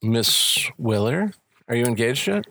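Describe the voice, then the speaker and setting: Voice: medium pitch, very animated, unhurried, gravelly, fairly bright tone. A host in casual chat, prompting others to tell their stories.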